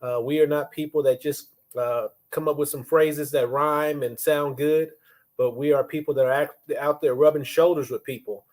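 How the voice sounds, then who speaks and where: Man, 50s, slightly higher voice, casual livestream host, chatty, greets viewers by name, phone or webcam audio. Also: fairly even intonation, moderate pace, a little mellow.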